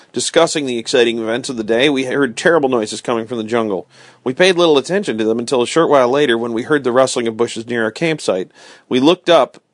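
A man's voice: mid-range voice, no room sound. Man reading a bedtime story aloud. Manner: steady, plain reading with small slips. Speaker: storyteller host.

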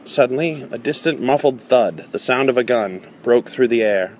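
A man reading a novel aloud in a measured way, with small slips and restarts. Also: medium pitch, a little hiss or hum. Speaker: audiobook reader.

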